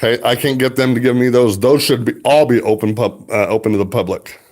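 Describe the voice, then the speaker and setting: An upset man talking in a halting, agitated way with many restarts, livestreaming from his car while driving. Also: mid-range voice, fairly even intonation, darkish tone, dry recording, studio quality. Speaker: records requester livestreaming. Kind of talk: confrontational livestream.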